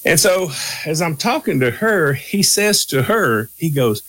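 Lively animated male radio host. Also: a little high, unhurried, no echo, low-quality recording. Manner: animated storyteller, breaks into loud laughter. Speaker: radio morning show co-host. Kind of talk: casual radio chat, storytelling.

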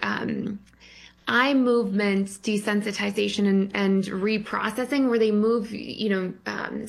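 A woman therapist explains her method to radio callers at a steady clip. Her voice has a gravelly fry, and she laughs easily between points. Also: medium pitch. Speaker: guest therapist. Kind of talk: explaining on a radio call-in show.

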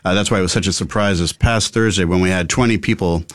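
A middle-aged man with a very low voice, a guest answering questions on a radio interview. He talks fast and eagerly and fills his sentences with little fillers. The sound is dry and close, with no room around it. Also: no room sound. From Massachusetts, USA. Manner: quick and eager, with many fillers. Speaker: guest, meetup organizer.

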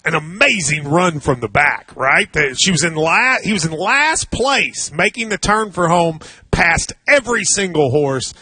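A man hosting a sports talk radio show, chatting and teasing his co-hosts in an animated way. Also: a little high, measured pace, husky, dry recording. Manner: teasing, conversational, animated storytelling.

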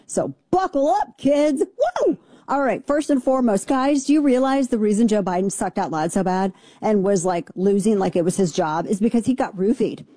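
A brash, sarcastic woman hosting an opinionated talk radio show, her voice mellow and dark in tone. The sound is close and dry. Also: mid-range voice, brisk, few pauses, no room sound.

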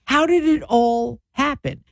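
A middle-aged woman co-hosting a radio talk show, animated and opinionated in her chat. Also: high-pitched, a little slow, creaky, dry recording. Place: radio studio. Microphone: studio microphone.

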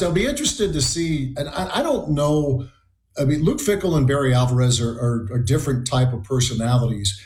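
A man's voice: medium pitch, darkish tone. Man analyzing football in a roomy space. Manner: measured, analytical. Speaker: sports analyst. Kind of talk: sports talk show discussion.

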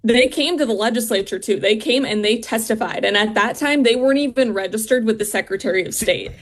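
A woman co-hosting a talk radio show, measured and conversational. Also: on the high side. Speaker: radio co-host. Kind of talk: casual talk radio chat.

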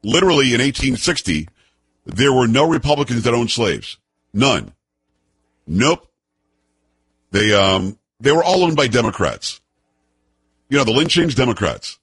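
Husky talk radio host, rambling. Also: male voice, mid-range voice, sing-song, measured pace, pauses often, fairly bright tone, no echo. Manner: rambling, folksy, frequent restarts.

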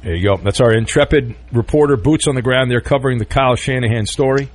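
A man's voice: medium pitch, fast talker, a little hiss or hum. A man hosting a sports talk radio show, chatting loosely and joking between listener notes and calls. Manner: loose, joking, rambling with fillers.

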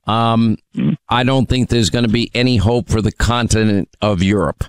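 A man hosting a talk radio show, giving forceful, opinionated commentary with frequent fillers and taking calls. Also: on the low side, steady tone, normal speed, clear, resonant tone, no echo. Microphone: studio microphone.

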